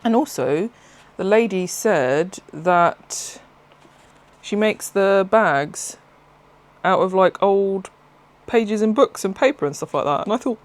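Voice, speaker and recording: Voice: mid-range voice, takes it slowly. A craft vlogger, talking in a casual, rambling way and often laughing and breaking off mid-thought. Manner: rambling, excitable, self-interrupting, laughs often. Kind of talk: casual chatty vlog.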